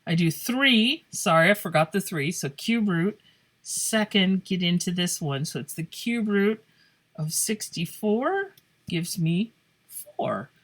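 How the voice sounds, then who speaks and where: A woman's voice: lowish voice, animated, slow. A woman teaching a math lesson in a playful, joking way, thinking aloud as she works through problems. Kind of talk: casual classroom lesson. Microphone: phone camera over paper.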